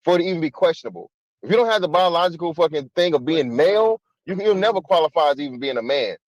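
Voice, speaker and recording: A man's voice: a little high, lively intonation, fast, darkish tone, dry recording, lo-fi sound. A man arguing his point in a heated casual debate, cutting in and repeating himself. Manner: insistent, repeats himself to hold the floor. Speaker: panelist.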